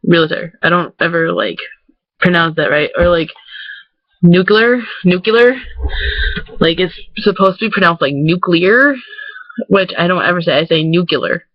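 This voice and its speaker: A high-pitched man with a Michigan accent rambles casually to his viewers, packing every sentence with "like." The sound is close and dry, a little dull and lo-fi. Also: steady tone, fairly quick, dry recording. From Michigan, USA. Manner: chatty, rambling, filler-heavy with lots of "like". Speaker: vlogger. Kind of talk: casual talking-head vlog.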